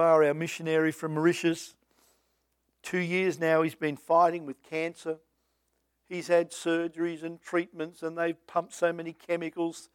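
A man preaching a sermon in a high voice. He moves between booming declarations and hushed, half-sung hymn lines. The sound is close and dry, with no room echo.

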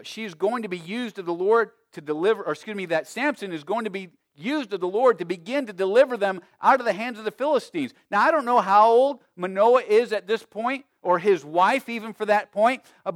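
A man preaching a sermon as pastor, emphatic, with big swings between loud and quiet and frequent restarts. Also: high voice, dry recording, studio quality. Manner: frequent repeated words and restarts.

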